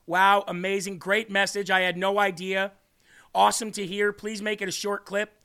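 Earnest high-voiced man hosting a faith podcast. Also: flat delivery, normal speed, bright, forceful tone, clear, resonant tone. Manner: earnest, emotional, reads comments aloud. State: tearing up. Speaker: podcast host. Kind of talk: reading live chat on a faith podcast.

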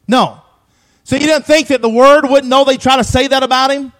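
A man preaching a sermon with emphatic repetition, swinging between loud declarations and hushed asides, and calling on the congregation for responses. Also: very high voice, steady tone, normal speed, low-quality recording.

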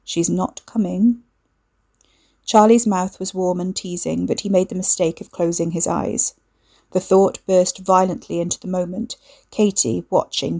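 A woman narrating a dark fiction story in a measured, steady reading. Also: lowish voice, creaky. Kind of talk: scripted audiobook narration.

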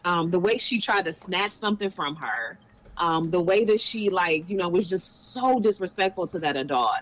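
Young woman ex-teacher chatting on a podcast, lively, acts out what people said. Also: fairly low pitch, normal speed, poor audio. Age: young adult. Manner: animated, acts out quoted voices. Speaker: guest, former teacher. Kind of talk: casual podcast chat.

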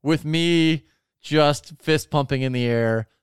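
A man's voice: on the high side, slow pace, clear, resonant tone, no echo, clean studio sound. A man in casual chat, telling stories in a profane, sarcastic rant. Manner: profane, ranting, sarcastic storytelling.

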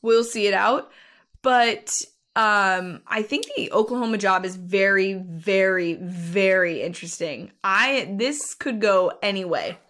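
A woman co-hosting a casual sports talk show, chatty and quick to laugh. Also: medium pitch, fairly bright tone. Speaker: sports podcast co-host. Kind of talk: casual chat.

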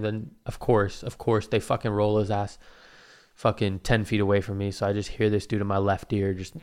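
A man's voice: on the low side, flat delivery, brisk, a little mellow, clean tone. A young man telling a rambling, profane story in a casual monologue, often laughing at his own asides.

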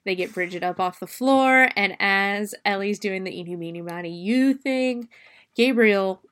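Young woman reviewer, casual, profane, mid-pitched, talks through the plot scene by scene. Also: a little slow, fairly bright tone. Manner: chatty, swears freely, retells scenes step by step. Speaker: movie reviewer. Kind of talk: casual spoken movie recap.

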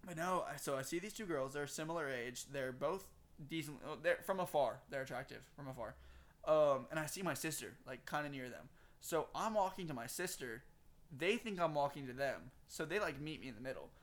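A young man with a Southern accent, pitched a touch higher than most men. He rambles through a casual story, swearing freely and leaning on "like" all the time. He's from Texas. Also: expressive, fairly quick. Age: young adult. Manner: rambling, heavy swearing, lots of "like".

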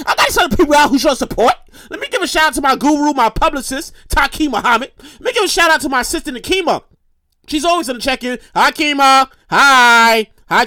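A woman in her thirties hosting a casual solo podcast, animated and profane, repeating phrases for emphasis. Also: sits high, dry recording, studio quality. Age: 30s. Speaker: podcast host.

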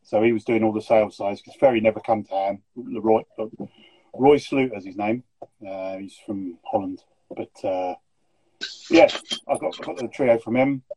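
A man's voice: fairly low pitch, normal speed, dark tone, husky, dry recording, low-quality recording. A middle-aged man chatting as a guest, full of joking, teasing banter. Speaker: guest breeder. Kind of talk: casual chat.

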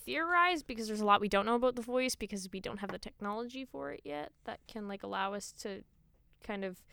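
A woman's voice: a little high, lively intonation, a little fast, creaky, pushed and bright, clear, resonant tone, dry recording. A woman co-hosting a podcast, explaining vocal technique in a casual chat with many fillers. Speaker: podcast co-host.

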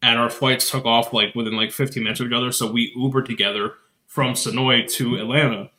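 A male podcast co-host in casual live chat, telling lively stories and swearing casually. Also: medium pitch, fairly quick, roomy sound.

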